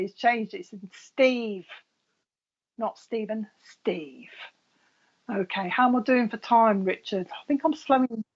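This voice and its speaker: A woman's voice: mid-range voice, muffled recording. A woman working as a psychic medium, giving a live reading in a chatty way with frequent laughs.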